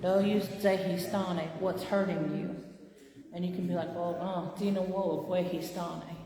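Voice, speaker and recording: Low-voiced woman teaching in an echoey room. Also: level tone, mellow. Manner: conversational, checks in with "right?" and "okay?"; stretches out words slowly and with exaggeration to teach pronunciation. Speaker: language teacher. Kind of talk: casual spoken language lesson. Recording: very echoey room with long reverb.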